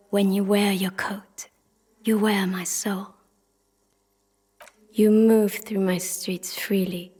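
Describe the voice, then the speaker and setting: A woman voicing the spirit of a city, as a whispered role-play in a video game, slow, intimate and breathy. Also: medium pitch, mellow. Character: the city itself, an ancient loving spirit. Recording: long hall reverb.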